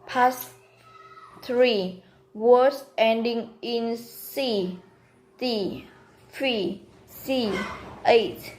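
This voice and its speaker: A woman whose first language is Vietnamese, reading a prepared class presentation slowly and carefully, pausing between words. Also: fairly high pitch, darkish tone, rough recording. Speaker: student presenter.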